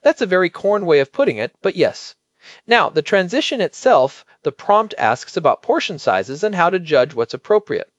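Man, expert podcast co-host, measured and emphatic, high animated voice. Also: no room sound, lo-fi sound. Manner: measured, explanatory, emphatic on key points. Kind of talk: explanatory podcast chat.

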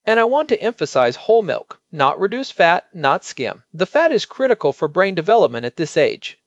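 A man co-hosting a podcast as a pediatric expert, explaining in a measured way and stressing key points. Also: high voice, big pitch swings, no echo, muffled recording.

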